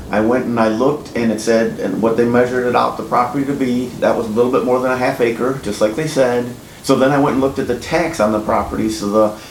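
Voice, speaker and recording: A man who flips houses, telling his own story in a blunt, casual, profane way and getting animated when he quotes himself. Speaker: house flipper. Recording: echoey room with faint rumble.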